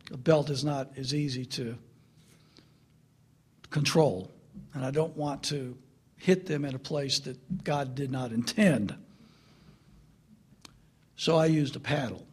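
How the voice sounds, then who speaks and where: A middle-aged man preaching through a family story, swinging from loud laughter to hushed earnestness. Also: medium pitch, slow pace, pauses often, husky. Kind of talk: storytelling sermon.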